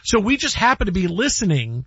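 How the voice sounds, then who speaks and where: A man's voice: high voice, big pitch swings, brisk, sharp tone, husky, no room sound, dull audio. A man hosting a sports radio show, chatting casually and joking, often slipping into quoted voices. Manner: jokey, rambling, breaks into quoted voices.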